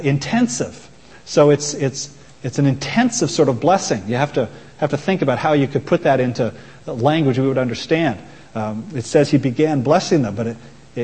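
A man preaching a sermon in a church, earnest and measured, often restarting his phrases. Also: a little high, dark tone, husky. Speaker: pastor. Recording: long hall reverb.

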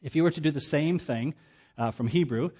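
A man's voice: fairly high pitch, fairly quick, mellow, husky. A male pastor preaching a sermon in a plain, conversational teaching manner with casual asides.

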